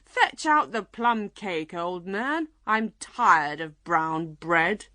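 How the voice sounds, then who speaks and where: A woman voicing a proud, bossy male unicorn in a storybook, giving demanding, drawn-out commands. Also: fairly low pitch, lively intonation, pushed and bright, no echo, full character voice.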